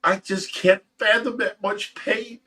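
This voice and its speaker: Man, livestream host, bright tense voice, emotional rambling talk, a little off-mic. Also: high-pitched, steady tone, slow pace, distant mic. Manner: emotional, rambling, repeats words, swears. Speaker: host of a fish rescue livestream. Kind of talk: casual livestream chat.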